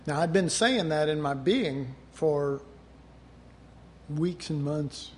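Middle-aged male preacher, slightly high voice, chatty sermon delivery, faint room hum. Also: slow, pauses often. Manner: conversational preaching, acting out quoted voices.

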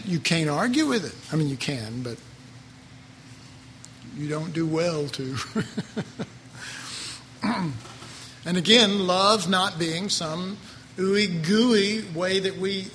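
A man's voice: fairly high pitch, expressive, takes it slowly, long pauses, bright, forceful tone, long reverb tail, a little hiss or hum. A man preaching a Bible class in a folksy, conversational way, with chuckling asides. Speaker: Bible teacher. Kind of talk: sermon.

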